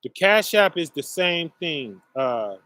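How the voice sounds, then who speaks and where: Slow-talking man chatting to viewers. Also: a little high, big pitch swings, bright, forceful tone, no echo. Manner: slow, rambling, many fillers, addresses audience as y'all. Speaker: online show host. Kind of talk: casual monologue to viewers.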